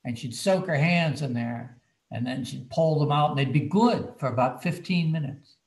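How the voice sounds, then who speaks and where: An older man, a children's author, telling a story from his childhood to students over a video call, lively and dropping to a hush for tense moments. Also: a little high, normal speed.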